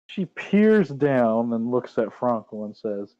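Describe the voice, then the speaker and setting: A man narrating as game master of a tabletop game, in a relaxed, meandering way. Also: medium pitch, slow pace, few pauses, no echo, dull audio.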